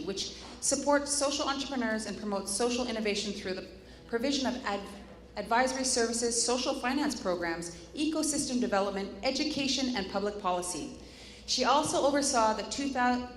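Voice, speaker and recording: Woman moderator, chatty and joking, tripping over names; echoey conference hall, faint room noise. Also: on the high side. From Canada. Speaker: panel moderator. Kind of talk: live panel introductions.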